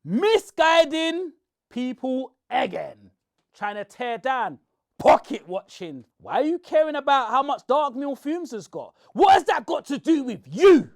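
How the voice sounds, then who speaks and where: A man, shouting and confronting someone in a heated rant to camera. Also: extremely high pitch, big pitch swings, a little slow. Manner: shouting, confrontational, repeats "bro". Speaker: online commentator.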